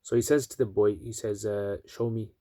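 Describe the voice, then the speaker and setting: Guy telling a story casually, lots of asides, lowish voice. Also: steady tone, fairly quick, warm tone, dry recording, studio quality. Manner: chatty, filler-heavy, asides to listeners.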